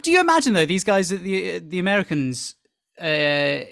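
Male guest, measured and hesitant, dry close mic. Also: sits high, very animated, gravelly, a bit bright, no echo. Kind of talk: casual chat.

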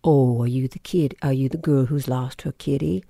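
Woman quoting a sweet, gentle street man. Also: extremely low pitch, lively intonation, fast talker, gravelly, dry recording, clean studio sound, exaggerated voice. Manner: soft and soothing. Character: kind, sweet-voiced big man from the street.

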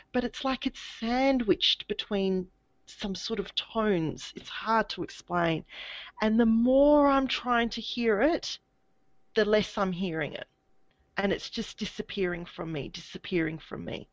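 A woman telling a personal story in a halting, hesitant way, with many restarts. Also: medium pitch, no echo, dull audio. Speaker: guest. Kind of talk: casual recounting of a personal experience.

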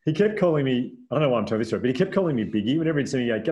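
Talking very fast in a mid-range voice, a man in his thirties guests on a podcast and spins anecdotes casually. He's an animated teller of stories, quick to laugh, forever restarting his sentences and filling gaps with "like."

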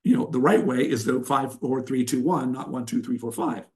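A man's voice: mid-range voice, normal speed, a little mellow. An older man, a wrestling coach and guest, giving blunt, emphatic instruction and telling sarcastic stories in an interview.

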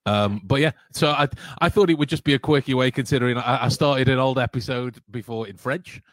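A man's voice: mid-range voice, a little fast, no echo. A man talks in loose, friendly chat, tripping over his words and repeating himself as he goes. His voice sounds close and dry, with little room sound around it. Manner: stammering, repeats words, laughs often. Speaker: podcast host. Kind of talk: casual chat.

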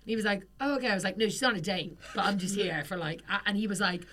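A woman's voice: mid-range voice, quick pace. A woman co-hosting a podcast, telling a story in casual chat and acting out the people she quotes, laughing often. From England. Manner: animated storyteller who acts out quoted voices and laughs a lot. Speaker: podcast co-host.

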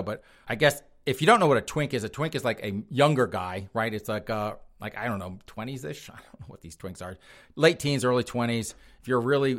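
A man's voice: mid-range voice, fairly bright tone. A man hosting a podcast, riffing on news stories in a crass, mocking, rambling way. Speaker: podcast host. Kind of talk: casual comedic news commentary.

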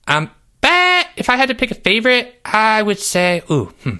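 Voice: mid-range voice, huge pitch swings, moderate pace, pushed and bright, clean tone. A performer voicing a cheerful, clueless boy character who rambles with lots of hesitations in a comedic Q&A. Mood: silly. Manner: rambling, playful, many hesitations.

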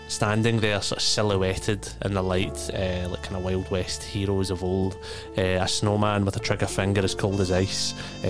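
A man narrating a tabletop game as game master, relaxed and full of fillers. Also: on the low side. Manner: relaxed, hesitant with many fillers.

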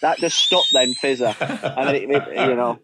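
A man's voice: medium pitch, moderate pace, background noise. A middle-aged man telling stories as a podcast guest in casual interview chat, repeating words as he goes and chuckling often. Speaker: podcast guest, former footballer. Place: podcast studio.

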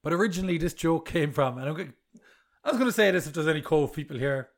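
A man's voice: fairly high pitch, animated, fast talker, creaky. A man co-hosting a casual podcast, teasing and jokey, swearing freely. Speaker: podcast co-host. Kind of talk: casual chat.

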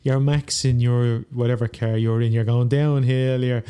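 An Irish man in a casual chat, talking in a measured, thoughtful way with frequent restarts. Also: mid-range voice, flat delivery, warm tone, clean tone. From Ireland. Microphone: own microphone.

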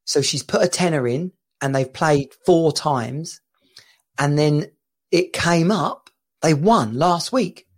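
A man's voice: fairly high pitch, slow. A man co-hosting a podcast, telling an anecdote in casual chat, laughing often and repeating himself. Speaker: podcast co-host.

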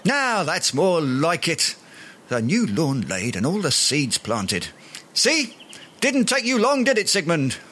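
A man's voice: on the high side, huge pitch swings, slow, bright, forceful tone, a little hiss or hum, full character voice. An actor playing a pompous, self-important Englishman in a radio sitcom, speaking in flowery words. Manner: grandiloquent, long-winded, flowery words.

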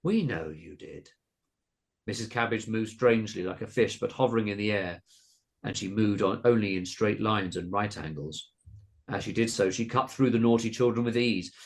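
Gravelly low-voiced man narrating a story. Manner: dramatic, polished narration with voiced characters. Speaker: podcast co-host and story reader. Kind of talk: reading a comedy horror short story.

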